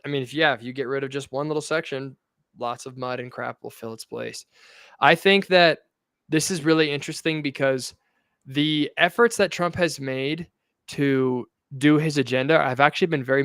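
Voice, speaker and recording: A man co-hosting a political commentary chat, his voice smooth and clean. He speaks a little high for a man and comes in with emphatic, indignant outbursts. The sound is dry and close, with no room in it. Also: a bit bright, no echo. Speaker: podcast host.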